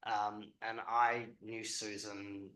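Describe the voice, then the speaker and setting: A man's voice: on the low side, little pitch movement, slow, sharp tone, roomy sound, poor audio. A man speaking at a public event as a historian, conversational and hesitant with frequent ums.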